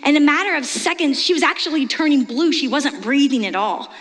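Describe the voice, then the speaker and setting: A middle-aged woman pastor with a light Texan accent preaches in a lively storytelling way. Her voice sits high, and it rings out with a long reverb in a large church hall. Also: fairly quick, hardly any pauses. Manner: lively storytelling, confiding and animated. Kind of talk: sermon.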